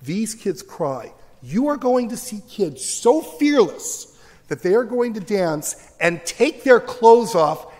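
A man's voice: sits high, sing-song, takes it slowly, darkish tone. A middle-aged man, a teacher, giving a passionate lecture in a university auditorium and acting out the voices of his critics. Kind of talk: animated public lecture. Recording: long hall reverb from the auditorium.

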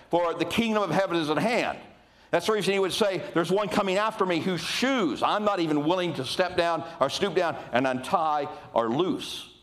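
An older man with a high voice preaches a sermon in a lively, conversational style, often turning aside to address the congregation.

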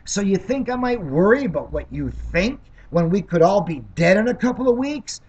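A man's voice: high-pitched, normal speed, hardly any pauses, husky. An older man from Canada, a political candidate, reading his own transcript aloud in a combative, ranting manner. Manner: combative, ranting, lively delivery.

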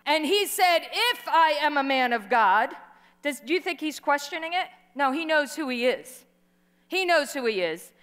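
A middle-aged woman preaching a sermon, telling a story with lively acted-out quotes and calling for responses from the audience. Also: sits high, normal speed. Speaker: guest preacher. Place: large hall. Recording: live sermon in a reverberant hall.

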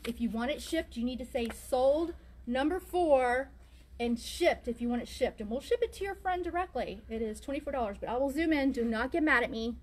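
A woman's voice: on the high side, expressive, fast talker, hardly any pauses, a little hiss or hum. A woman shop owner chatting through a live shopping sale in a vintage store, announcing item numbers and prices while she is losing her voice. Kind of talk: live shopping sales pitch.

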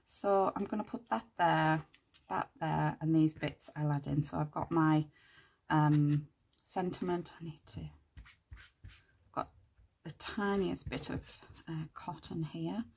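Female craft host, low-pitched and husky, slow and chatty, mutters to herself while working. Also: darkish tone. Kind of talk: casual crafting tutorial chat.

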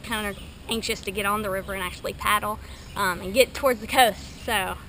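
A woman's voice: medium pitch, fairly even intonation, fairly quick, fairly bright tone. Chatty woman over outdoor noise. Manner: chatty, many fillers. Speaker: canoe trip participant. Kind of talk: casual video diary. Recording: noisy outdoor camera audio.

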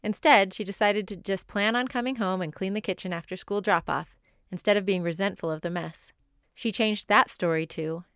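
Woman in her thirties, podcast host, smooth clear tone, close dry mic, scripted storytelling with asides. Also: medium pitch, fairly bright tone, no room sound. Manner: reads stories from other mothers with personal asides. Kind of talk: scripted narration.

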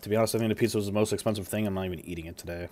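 A man's voice: lowish voice, steady tone, very fast, dark tone, slight background noise. A young man chatting casually through a food review vlog while he eats, rambling with lots of fillers and appreciative hums. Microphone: streaming setup mic.

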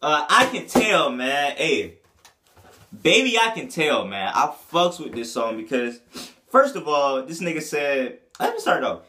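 A man's voice: a little high, big pitch swings, moderate pace, bright, forceful tone. A man giving a casual, profane album review, full of slang and breaking into bits of the lyrics. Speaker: music reviewer.

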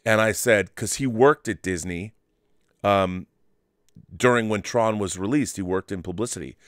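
A man co-hosting a casual chat show, telling rambling stories in an animated way and swearing freely. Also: lowish voice, moderate pace, no echo, studio quality. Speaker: co-host.

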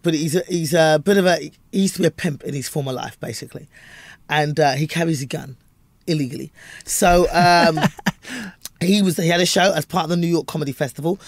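Animated Cockney woman comedian telling stories. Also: low-pitched, no room sound. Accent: London Cockney. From London, England. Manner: animated storyteller, acts out voices. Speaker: comedian guest. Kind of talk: interview chat.

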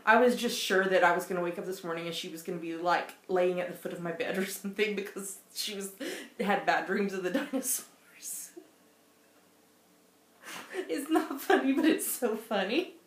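A woman co-hosting a casual knitting podcast with her daughter, chatty and quick to laugh as she tells stories. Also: medium pitch. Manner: chatty, giggly storyteller. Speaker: podcast co-host, mother. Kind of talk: casual chat. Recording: roomy echo.

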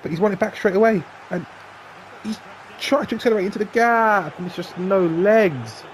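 A man giving live, sweary commentary on his own football video game, jumping between excited shouts and flat grumbling. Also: sits high, moderate pace, slight background noise. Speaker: gaming YouTuber.

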